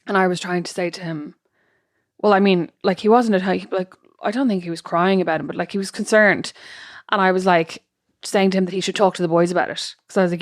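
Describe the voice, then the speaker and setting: A woman co-hosting a podcast, quick and blunt, teasing her co-host. Her voice sits low for a woman and her words come out rapidly. The sound is close and dry, with no room in it. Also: steady tone, no room sound. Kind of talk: casual chat.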